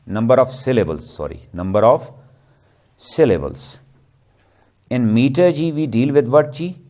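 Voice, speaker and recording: A man's voice: medium pitch, lively intonation, a little slow, dark tone. A man giving a literature lecture, constantly asking the class rhetorical questions. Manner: keeps quizzing with rhetorical questions, tags "ji".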